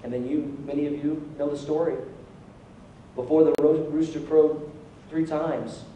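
Animated male pastor in an echoey church. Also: a little high, unhurried, slight background noise. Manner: animated, call-and-response with the congregation. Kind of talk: sermon. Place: church sanctuary. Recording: echoey hall from far off.

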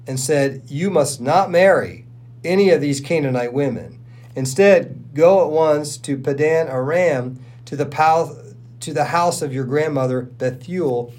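Man reading scripture with lively quotes. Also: fairly high pitch. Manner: expressive reader who lifts his voice for quoted speech. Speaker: Bible reading podcast co-host. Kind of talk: reading scripture aloud, lightly acting the quotes.

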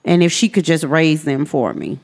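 Low-voiced woman, hall reverb. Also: sing-song, moderate pace, a little mellow. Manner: earnest storytelling, acting out quoted voices. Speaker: guest. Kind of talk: personal testimony in a podcast interview.

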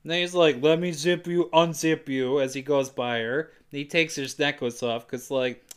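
A man's voice: a little high, fairly even intonation, normal speed, clean tone. Laughing man retelling a movie scene. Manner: laughing, profane, acting out characters' lines. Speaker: podcast co-host. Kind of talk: casual movie recap narration.

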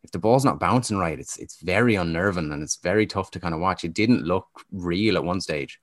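A man's voice: sits low, brisk, dry recording. A man talking casually on a sports podcast, opinionated and matter-of-fact. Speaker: podcast co-host.

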